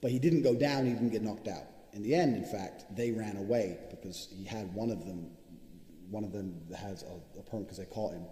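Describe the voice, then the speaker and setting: A man's voice: lowish voice, moderate pace, crowd noise. A man giving a brash, boastful, profane motivational monologue as a vlogger. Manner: brash, boastful, swears constantly. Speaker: vlogger giving money advice. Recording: echoey room with long reverb.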